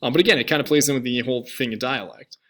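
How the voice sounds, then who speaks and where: A man's voice: mid-range voice, very fast, fairly bright tone. A young man, a teacher talking through lecture slides in a casual, rambling way full of fillers and restarts. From United States. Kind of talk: recorded classroom lecture over slides.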